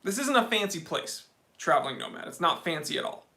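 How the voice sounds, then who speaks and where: A young man hosts a casual livestream and tells his story as a comic rant. His voice is bright and forward, and he calls out to viewers by name as he goes. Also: a little high, brisk. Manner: animated comic ranting. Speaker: livestream host.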